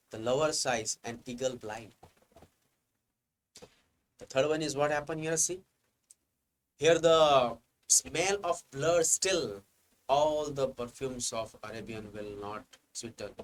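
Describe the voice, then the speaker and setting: A man teaching English grammar from slides, explaining step by step, asking himself "what happened here" and reading examples out slowly. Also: mid-range voice, rough recording. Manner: reads examples slowly, stressing key words. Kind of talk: slide-based grammar lecture.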